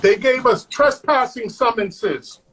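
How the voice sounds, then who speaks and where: Husky high-voiced New storyteller man. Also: takes it slowly, low-quality recording. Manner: animated, acts out quotes, says "man" constantly. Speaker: interview guest.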